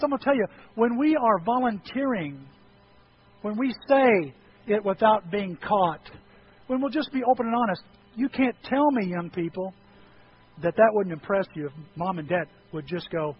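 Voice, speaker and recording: A middle-aged male pastor preaching a sermon, telling stories and acting out voices, swinging from loud outbursts to hushed tones. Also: sits high, expressive, normal speed, slightly rough. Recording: dull lo-fi recording with faint noise.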